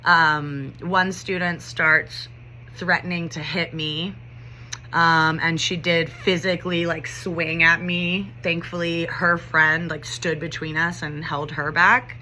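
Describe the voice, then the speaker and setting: A woman's voice: fairly low pitch, little pitch movement, slow, bright, forceful tone, a little hiss or hum. A young adult woman teacher telling a story in a casual vlog, talking conversationally with lots of "like" and "you know".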